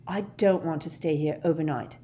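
A woman's voice: sits low, normal speed, mellow, natural voice. A woman voicing a frustrated teenage boy who speaks in an angry, clipped way.

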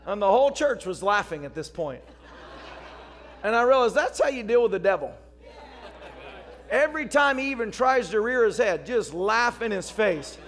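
A man preaching a sermon as pastor, telling stories and rising to shouts. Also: high-pitched, expressive, normal speed, long pauses. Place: church service.

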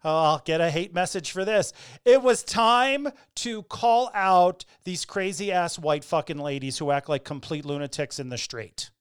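A woman's voice: lowish voice, moderate pace, few pauses, clean tone, no echo, clean studio sound. A woman hosting a podcast, chatting loosely, laughing often and swearing freely. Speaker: podcast host. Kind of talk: casual chat.

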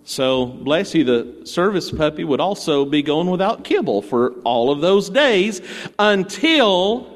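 A man's voice: a little high, sing-song, a little slow, long reverb tail. A male pastor preaching a sermon in a conversational storytelling way, with playful asides, in a church.

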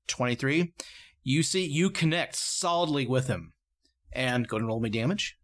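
A man narrating a tabletop role-playing game as game master, descriptive and relaxed. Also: medium pitch, moderate pace.

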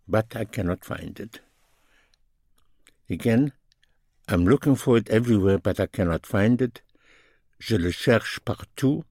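Slow, deliberate male language teacher. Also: fairly low pitch, no room sound, studio quality. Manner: slow, deliberate, repeats each phrase in both languages. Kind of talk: language lesson.

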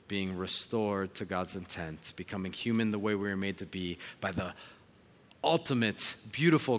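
A man in his thirties preaching a sermon as pastor, earnest, moving between hushed and rising emphasis. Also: on the low side. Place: church sanctuary. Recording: long hall reverb.

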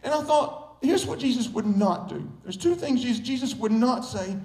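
A preaching man with a strikingly high voice, delivering a sermon from the pulpit. He talks emphatically and works up to shouts. The room carries a clear echo. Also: expressive, normal speed. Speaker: pastor. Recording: echoey room.

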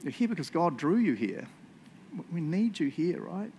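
A man's voice: a little high, sing-song, normal speed, dark tone, a little hiss or hum. A man preaching a casual, jokey sermon as lead pastor, laughing often and tagging his lines with "eh?" and "right?". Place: church hall. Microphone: handheld microphone.

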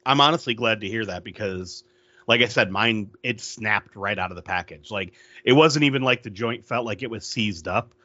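A man's voice: on the low side, moderate pace, sharp tone, dry recording, dull audio. A man co-hosting a casual podcast chat, blunt and profane. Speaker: podcast co-host. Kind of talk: casual chat about toy purchases.

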